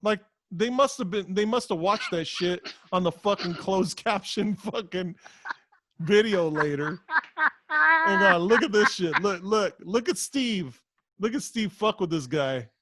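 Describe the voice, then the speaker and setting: A man co-hosting a podcast, telling a story in a profane, ranting way that gets louder as he gets worked up. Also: sits high, animated, unhurried, no room sound, clean studio sound. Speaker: podcast co-host. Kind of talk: casual chat.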